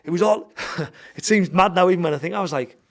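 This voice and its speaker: Talking a little fast in a high voice, a middle-aged man who fights and owns a gym shares a story on a podcast. The telling is casual and full of swearing, with him voicing the dialogue of the people involved.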